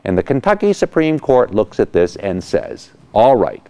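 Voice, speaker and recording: A man hosting a weekly legal explainer as an attorney, telling a case as an animated story and acting out the people in it. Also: medium pitch, normal speed, clean tone. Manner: animated storyteller, acts out quotes. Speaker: attorney host of legal segment.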